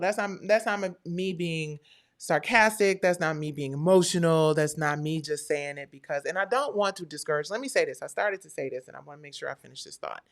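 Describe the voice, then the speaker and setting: A woman hosting a live stream, chatting casually and talking straight to her viewers. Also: low voice.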